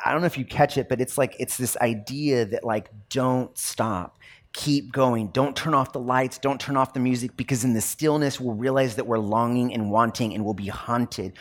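Animated conversational male pastor. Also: medium pitch, moderate pace. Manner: conversational and animated, many fillers. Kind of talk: sermon.

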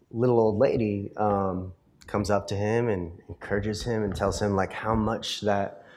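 A male pastor preaching a sermon in a conversational storytelling way, full of fillers and tag questions. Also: fairly low pitch. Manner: rises to passionate emphasis in the closing points.

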